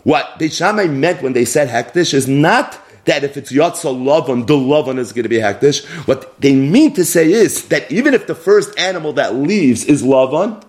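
Animated man teaching Talmud. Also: on the high side, moderate pace, hardly any pauses. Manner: animated, asks and answers his own questions. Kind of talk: Talmud lecture.

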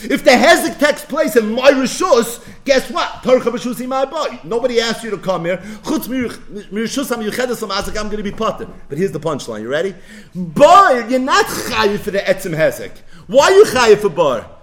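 A man with a fairly high voice teaches a Talmud lesson. His pitch swings widely as he throws out questions and answers them at once. He keeps the delivery lively and emphatic. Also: normal speed. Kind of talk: animated Talmud lecture.

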